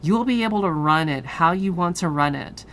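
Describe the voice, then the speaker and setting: A pompous male crow doctor pitches cheap businesses in a slow, deliberate sales patter, as a woman reads him out. The voice sits deep and low. A faint hum runs behind it. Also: lively intonation, a bit bright. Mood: salesy.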